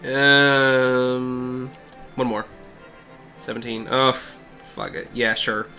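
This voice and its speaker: A man's voice: medium pitch, fairly even intonation, very slow, sharp tone. A man hosting a let's play, reading game text and adding laid-back, self-mocking asides. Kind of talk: casual gameplay commentary. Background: faint game music.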